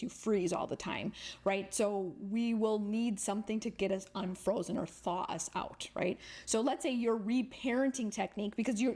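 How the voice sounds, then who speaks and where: A woman's voice: mid-range voice, darkish tone. A woman therapist, a guest on a podcast, talking frankly and with energy in casual conversation, swearing freely and acting out inner voices.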